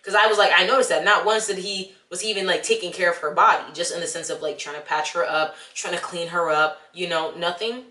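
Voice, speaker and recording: A young woman vlogging a casual movie review, animated and exasperated as she talks straight to the viewer. Her voice is bright and a little sharp. It rings in an echoey room. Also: on the low side, fast talker, hardly any pauses.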